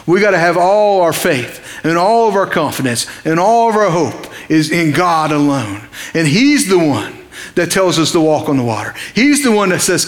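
Guy preaching a sermon, kinda high voice, talks to the crowd like a chat, asks em stuff. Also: in a large hall. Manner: impassioned, conversational preaching with rhetorical questions. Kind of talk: evening sermon.

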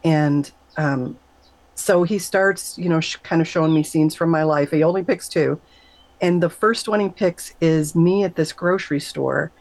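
A middle-aged woman, a nurse, telling an emotional personal story in an interview, animated and emphatic, her voice leaping up whenever she quotes herself. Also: a little slow, no echo, poor audio. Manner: animated, emphatic, jumps high when quoting herself. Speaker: guest, nurse.

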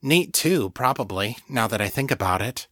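Rebecca, a determined young psychic woman, sounds earnest and urgent about trouble she suspects, in a plain, close, dry audiobook read by a man doing her lines. She is voiced lightly, close to the reader's own middle-pitched voice. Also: expressive, normal speed, pushed and bright, dry recording. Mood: worried.

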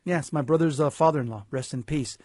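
A man's voice: a little high, fairly quick, a little mellow, dry recording, clean studio sound. A man co-hosting a Catholic talk show, speaking earnestly and often repeating words as he gets going. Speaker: Catholic radio co-host. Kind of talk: casual faith talk show chat.

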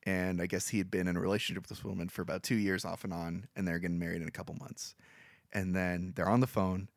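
Man rambling through an animated movie recap. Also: low-pitched, fast, creaky, no room sound, studio quality. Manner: rambling, animated storytelling with many fillers. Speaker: podcast co-host. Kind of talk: casual chat retelling a movie.

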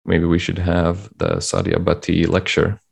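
A man with a very low, gravelly voice co-hosts a casual legal podcast. He muses aloud and hedges his points as he goes, at a relaxed pace. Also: measured pace. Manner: thoughtful, hedging, musing aloud. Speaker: podcast co-host.

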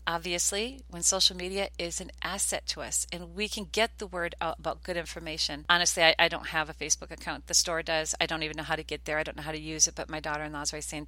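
This older woman from the United States speaks quickly with hardly any pauses as she hosts a casual, chatty podcast and tells earnest stories. Her voice sits low yet sounds bright and forceful, with a level tone and no echo.

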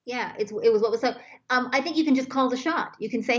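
A woman's voice: on the high side, fast talker. A woman speaking as a guest on a talk show, giving flowing, emphatic advice and acting out sample dialogue. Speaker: guest expert. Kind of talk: relationship advice chat. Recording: slightly dull lo-fi sound.

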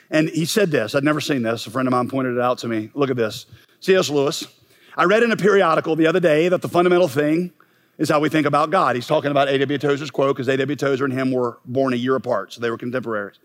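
A middle-aged man preaching a sermon as pastor, impassioned and building to emphatic peaks. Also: mid-range voice.

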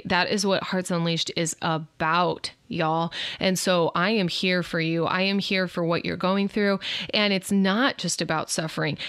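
A woman, hosting her own podcast in an upbeat, expressive, chatty way. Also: fairly low pitch, dry recording, studio quality. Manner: upbeat, expressive, says "y'all". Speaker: podcast host. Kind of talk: casual solo podcast talk.

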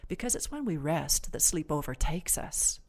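A woman clinician, a guest on the podcast, explaining stress and sleep in a measured, reassuring, gently instructive way. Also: low voice, big pitch swings. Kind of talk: calm explanatory interview talk.

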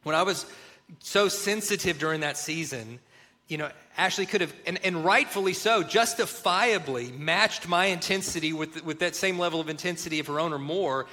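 A man with a bright, ringing tone and a somewhat high voice talks earnestly about marriage and faith. He tells stories with animation and acts out the quotes in them. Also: normal speed. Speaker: co-host of a marriage show. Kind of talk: faith-based marriage talk.

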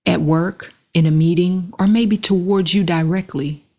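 A woman with a lowish voice speaks in an unhurried, earnest monologue. She sets her words apart with deliberate pauses and guides the listener through slow breathing. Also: steady tone, warm tone. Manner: earnest, measured, pausing between phrases.

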